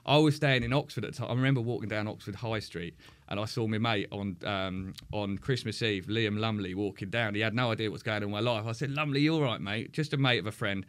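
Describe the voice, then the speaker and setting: A man's voice: lowish voice, a bit bright. Frank, sweary man recalling hard times. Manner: frank, sweary, halting with restarts. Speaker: guest. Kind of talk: candid podcast conversation.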